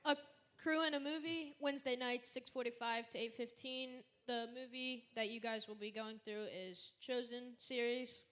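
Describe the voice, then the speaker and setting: A woman reads out the upcoming events, dates and times in a brisk, matter-of-fact way. Her voice is bright and clear and sits a little high. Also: fairly even intonation. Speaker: announcement reader at youth group. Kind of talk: reading event announcements.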